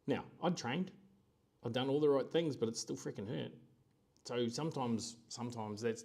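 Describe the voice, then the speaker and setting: A middle-aged man hosting a live-stream, talking casually and animatedly, slipping into quoted voices. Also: lowish voice. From New Zealand. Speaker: host.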